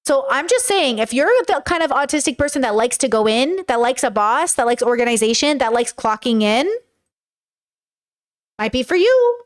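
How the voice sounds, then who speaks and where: High-voiced rambling young woman streamer. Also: sing-song, moderate pace. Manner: rambling, filler-heavy, swearing. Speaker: streamer reacting to clips. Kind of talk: casual reaction chat to a live chat.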